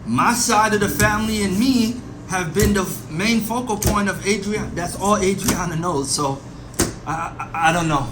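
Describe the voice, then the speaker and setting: A man's voice: high-pitched, moderate pace, close to an everyday voice. A man playing a worried father accused of murder in an amateur audio drama, defensive and stammering, repeating himself. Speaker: suspect under interrogation. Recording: noisy amateur recording with ambience.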